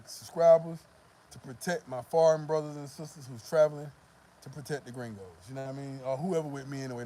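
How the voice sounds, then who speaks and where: A man tells a loose, profane story straight to camera, circling back with constant "you know what I mean"s. His voice sits a little high for a man but sounds warm and mellow, with a faint hiss under it. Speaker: vlogger.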